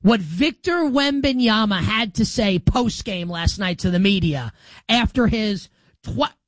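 A male sports talk host in full monologue, sarcastic and emphatic, his pitch swinging up and down for effect. The sound is dry and close, with no room around it. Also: expressive, measured pace, a bit bright, no room sound.

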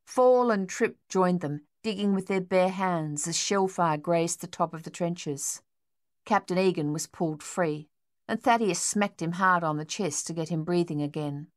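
Here a woman's fairly low-pitched voice carries a scripted audiobook narration, delivered evenly and at a measured pace.

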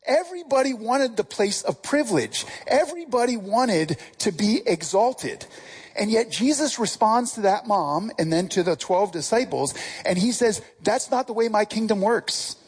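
A pastor preaching with a husky voice whose pitch swings widely and with feeling. The delivery is earnest. Sentences often start with a repeated word, and questions are put to the listeners. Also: a little mellow. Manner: earnest, stammers on first words, asks the congregation questions. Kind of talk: sermon.

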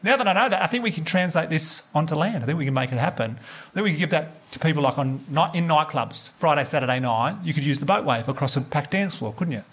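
A man's voice: fairly high pitch, lively intonation, fast talker, a bit bright. An Australian man performing a stand-up comedy set, telling wry stories and chatting with the crowd. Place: comedy club stage with a laughing audience.

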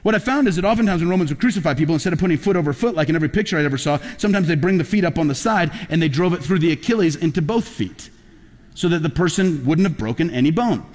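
A male pastor delivers a sermon in a casual, storytelling tone, then pushes into loud emphatic peaks. His voice sits a little high for a man. It rings out with a long reverb, as in a big church auditorium. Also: expressive, racing. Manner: conversational preaching, builds to loud emphatic peaks.

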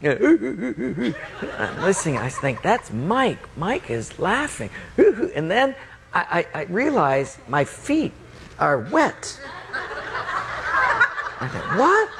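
A man preaching a sermon, telling a personal story and acting out the voices, dropping low and quiet to quote God. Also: wildly swooping pitch, slow pace, long pauses, background noise.

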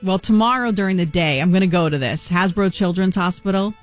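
A woman co-hosting a morning radio show, talking in an excited, chatty storytelling way. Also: on the low side, brisk, soft background music. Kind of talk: casual morning radio chat.

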